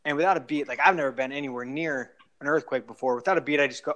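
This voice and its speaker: Talking very fast in a mid-range, slightly bright voice, a young man chats as a guest on a laid-back podcast. His stories run long and wander, packed with filler words and false starts.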